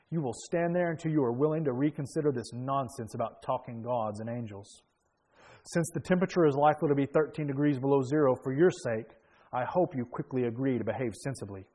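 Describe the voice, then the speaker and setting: A weary, stern middle-aged army major as a preacher reads him out. He speaks in a plain commanding way, dismissive of what he hears. The voice sits at a middling pitch. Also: darkish tone, lightly acted. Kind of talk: sermon story reading.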